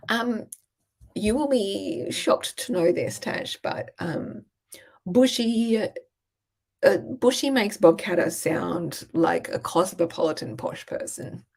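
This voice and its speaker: Brief: Australian woman, regional accent, relaxed chatty Q&A host, gravelly and husky. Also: medium pitch, slow. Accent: Australian, regional Queensland. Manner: chatty, swears casually. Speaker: business coach hosting a Q&A. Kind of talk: casual live Q&A storytelling.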